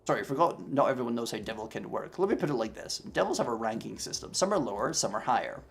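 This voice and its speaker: A man's voice: medium pitch, lively intonation, quick pace, creaky. A man voicing a sly little red winged devil scribe in tabletop role-play, smug and lawyerly. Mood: candid. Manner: smug, wheeling-dealing lawyerly patter.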